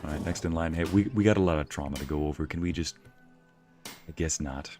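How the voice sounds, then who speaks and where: A man casually commentating a video game as a streamer, playful and jokey, sometimes breaking into loud yelling. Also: a bass voice, fast talker, soft background music.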